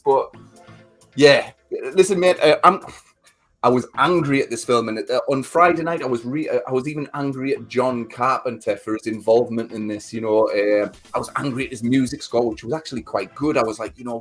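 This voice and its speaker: A man's voice: mid-range voice, fairly quick, soft background music. A man in casual chat, ranting and swearing as he reviews a film he hated. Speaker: podcast co-host.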